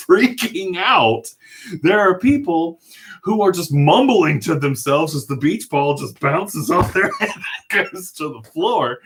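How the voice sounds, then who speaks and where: Guy vlogging a personal story, super animated, voice jumps all over, keeps laughing. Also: a little high. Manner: animated, laughing while recounting. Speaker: mental health vlogger.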